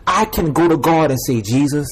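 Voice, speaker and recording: A man's voice: on the high side, expressive, moderate pace, a little mellow, poor audio. A young man giving a repetitive, emphatic personal testimony, addressing viewers as y'all and man. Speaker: self-made video preacher.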